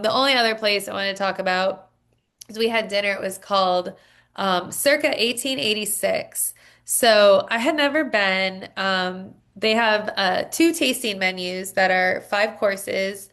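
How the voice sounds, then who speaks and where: A woman's voice: mid-range voice, normal speed, a bit bright. Chatty woman podcast co-host. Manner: chatty storytelling with many fillers. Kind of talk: casual chat.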